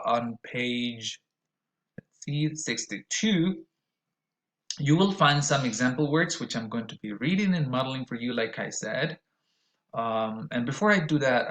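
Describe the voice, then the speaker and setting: A man gives a recorded pronunciation lesson at a middle pitch. He explains step by step and draws out example words slowly and clearly so learners can copy them. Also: fairly bright tone, low-quality recording. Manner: explains slowly, models words with careful exaggerated vowels. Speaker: pronunciation teacher.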